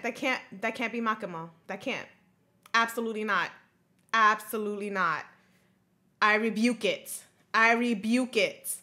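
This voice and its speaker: A woman hosting an anime reaction video, talking to herself with excitable, emotional outbursts. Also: a little high. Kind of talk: live reaction commentary.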